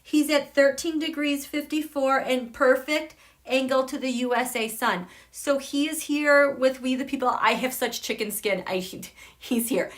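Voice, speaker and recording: Bright, excitable woman reading tarot. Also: high voice, moderate pace. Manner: excitable and gushing, swinging between loud exclamations and soft murmurs. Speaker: tarot and astrology channel host. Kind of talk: live tarot and astrology stream.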